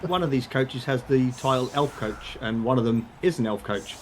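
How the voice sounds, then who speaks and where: A man's voice: medium pitch, normal speed, slight background noise. A man from Britain co-commentating a video game match, dry and teasing, with thoughtful tactical takes.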